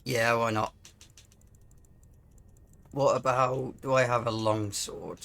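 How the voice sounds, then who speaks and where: Male let's-play host, middle pitch, musing over menus, throat a bit rough from coughing. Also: slow pace. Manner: relaxed, musing aloud over game menus. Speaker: gaming channel host. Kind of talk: casual let's-play commentary.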